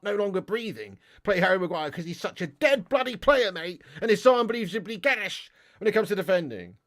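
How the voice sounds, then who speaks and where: A young man hosts a football fan live stream, chatting casually in a slightly higher voice than most men. He is banterous and sweary and chuckles between points. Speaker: fan channel host.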